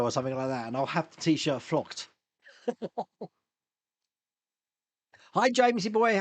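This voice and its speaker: A man's voice: mid-range voice, breathy edge, dry recording. A man hosting a casual live stream, chatting and reading viewer comments with frequent chuckles and restarts.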